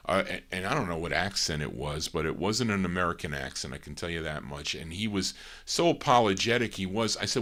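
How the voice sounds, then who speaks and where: A man's voice: low voice, expressive, fairly quick, bright, forceful tone. Chatty man hosting a live record show. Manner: rambling, chatty, talks between records.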